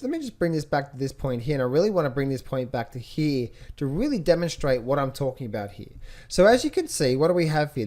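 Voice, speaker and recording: A man giving a screen-share lesson on reading stock charts, repeating himself and asking rhetorical questions as he points things out. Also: fairly high pitch. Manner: rhetorical questions, repetitive, animated. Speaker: trading educator.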